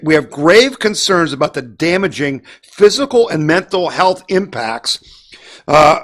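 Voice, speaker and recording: A man's voice: fairly high pitch, a bit bright. A man hosting a political opinion show, speaking in a combative, emphatic way. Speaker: host of a political news show. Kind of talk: opinion commentary.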